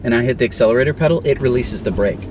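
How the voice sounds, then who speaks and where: A man driving and co-hosting, giving casual, animated commentary from inside a moving car. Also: mid-range voice, very fast. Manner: animated, exclaiming, pleading with the car. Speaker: driver and co-host. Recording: noisy car interior. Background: car and road noise.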